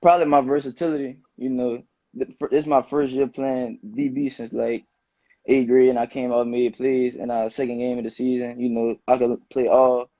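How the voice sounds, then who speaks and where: A young man in his late teens, a high school football player, answering interview questions in a relaxed, slangy way. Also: moderate pace, dry recording. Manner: relaxed, loose slangy phrasing with many "you know"s. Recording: dull, muffled dry sound.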